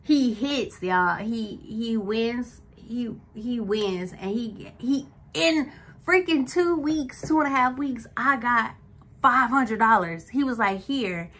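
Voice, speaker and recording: A woman's voice: fairly high pitch, expressive, takes it slowly, a bit bright. A woman vlogger telling a casual storytime, rambling and chatty with lots of likes and self-corrections.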